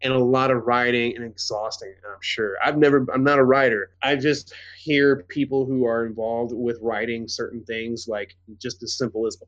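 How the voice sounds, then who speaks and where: A man co-hosting a podcast in casual, rambling chat, swearing freely and getting animated. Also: mid-range voice, moderate pace, few pauses, dull audio. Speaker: podcast co-host.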